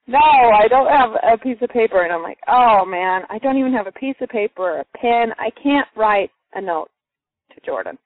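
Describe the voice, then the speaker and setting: A woman's voice: medium pitch, dry recording. A woman telling a personal story to a group, acting out the voices of the people in it. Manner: lively, acts out quoted voices. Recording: muffled phone-line sound, dry.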